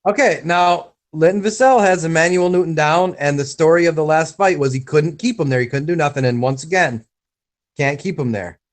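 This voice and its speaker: A man with a slightly high voice co-hosts a live fight watch-along. He trades crude, teasing banter with his friends while calling the action casually. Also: brisk. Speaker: podcast co-host.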